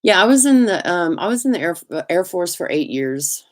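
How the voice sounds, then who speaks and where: A middle-aged woman with a Southern US accent hosting a casual live chat, talkative and quick to laugh, greeting viewers by name. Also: fairly low pitch, sing-song. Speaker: livestream host.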